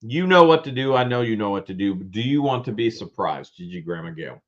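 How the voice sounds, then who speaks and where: A man hosting a live-stream auction, loudly calling out lots and prices with excitement. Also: fairly low pitch, brisk, lo-fi sound. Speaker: livestream auction host.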